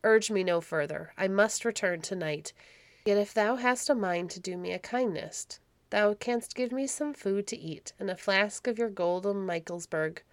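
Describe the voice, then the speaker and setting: A woman reading aloud, voicing a wounded, vengeful medieval baron with a rough, vehement manner. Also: medium pitch, moderate pace, no room sound, close to an everyday voice.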